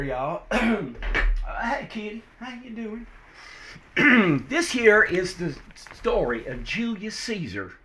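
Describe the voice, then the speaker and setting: A man's voice: sits high, fairly bright tone. Hammy man with a folksy drawl. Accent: put-on Southern US drawl. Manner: folksy, playful, hammy voice switching. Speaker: host and storyteller. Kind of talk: comic storytelling with put-on drawl.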